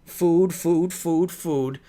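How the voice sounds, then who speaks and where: A man's voice: fairly high pitch, fairly even intonation, very slow, mellow, voice pushed up. A chatty, fussy female spider with a raised, sing-song voice, as a man puts her on. She prattles to herself in a comic podcast bit.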